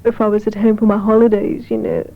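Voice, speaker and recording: A woman's voice: medium pitch, fast talker, phone-quality sound. A woman in her twenties giving a matter-of-fact personal account, on a thin 1970s radio recording. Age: 20s. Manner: even, matter-of-fact, light laughs. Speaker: interviewee.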